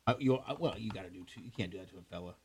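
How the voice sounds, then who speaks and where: A man's voice: deep voice, rapid-fire, crowd noise. A man hosting a radio show, chatting loosely, mumbling and repeating himself as he trails off. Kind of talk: casual studio banter.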